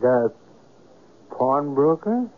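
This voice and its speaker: A man's voice: medium pitch, sing-song, extremely slow. An actor playing a reflective writer who narrates his own story in a 1970s radio drama. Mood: wry. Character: reflective male writer, wry and dry. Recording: narrow phone-like old radio broadcast.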